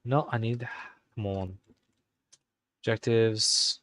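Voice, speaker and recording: A man hosting a live stream, talking casually and halting as he types commands. He mutters to himself and corrects himself, all in an exaggerated put-on Irish accent. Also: lowish voice, fairly even intonation, fairly bright tone, no room sound. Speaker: live-stream host coding game commands. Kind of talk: casual live-stream commentary while typing.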